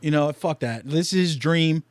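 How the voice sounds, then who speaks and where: A man's voice: fairly high pitch, moderate pace, no echo. Casual profane man podcast host. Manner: loose and profane, many fillers. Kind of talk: casual chat.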